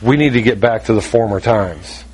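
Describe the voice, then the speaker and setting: A man's voice: on the low side, normal speed, darkish tone, slightly rough. A man preaching a sermon in a conversational, storytelling way with emphatic points.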